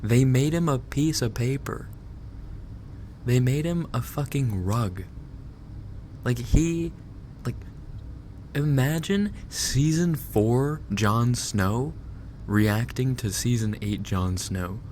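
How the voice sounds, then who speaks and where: A man's voice: medium pitch, takes it slowly, long pauses, darkish tone, slight background noise. A man streaming live, ranting casually and with exasperation, swearing and laughing as he goes. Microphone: binaural dummy-head mic.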